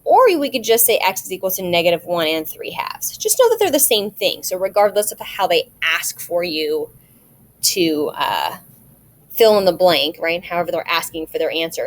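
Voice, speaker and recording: A woman math teacher recording a video lesson, explaining each step patiently and checking in with rhetorical questions. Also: mid-range voice.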